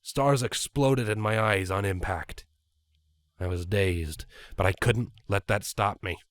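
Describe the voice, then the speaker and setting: A man reading a fan fiction story aloud with an expressive, animated delivery. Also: lowish voice, slow, no room sound. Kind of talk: dramatic story narration.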